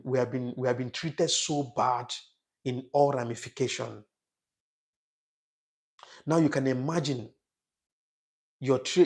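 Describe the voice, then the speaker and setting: A man's voice: mid-range voice, a little mellow. A man hosting a casual livestream, reading out viewer comments and talking with emotion, often repeating his phrases. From Africa. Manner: emotional, repetitive, restarts phrases.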